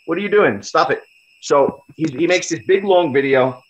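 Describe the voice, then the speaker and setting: A man's voice: fairly high pitch, moderate pace. Blunt, profane man telling a story. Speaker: podcast guest. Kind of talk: casual storytelling. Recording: slightly dull lo-fi audio.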